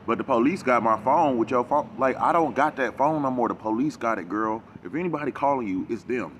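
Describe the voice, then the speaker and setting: A man giving a rambling, animated reaction commentary, talking back at a video he is watching. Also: medium pitch, fairly quick, slight background noise. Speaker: reaction vlogger.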